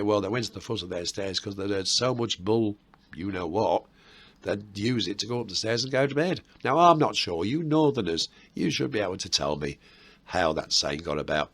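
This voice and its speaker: A low, husky-voiced man with a Birmingham accent talks to camera about history. His delivery is chatty and meandering, and he drops in playful asides as he explains things. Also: sing-song, moderate pace, fairly bright tone. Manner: chatty and rambling, with self-mocking asides. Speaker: history video host.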